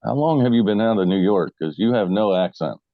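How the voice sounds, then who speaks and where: Deep-voiced podcast host guy, dry jokey questions, muffled lo-fi sound. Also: expressive, a little fast, dry recording. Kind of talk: casual podcast interview. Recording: dull lo-fi dry recording.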